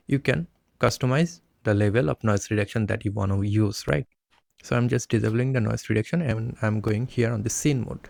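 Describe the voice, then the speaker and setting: Gravelly-voiced man reviewing a microphone. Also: mid-range voice, a little mellow, dry recording. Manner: plain, step-by-step explaining with non-native grammar slips. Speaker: tech reviewer. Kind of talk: product review demonstration. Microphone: desk condenser mic, close up.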